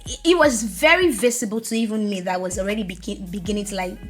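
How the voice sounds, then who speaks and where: A young adult woman, a podcast guest, telling a candid personal faith story in an earnest, animated way with bursts of laughter. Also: medium pitch, fast talker, soft background music.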